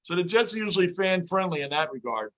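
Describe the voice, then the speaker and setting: New guy hosting a baseball watch-along, kinda high voice, gets loud and hyped on big plays. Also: quick pace. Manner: animated, yells with excitement at big plays. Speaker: host.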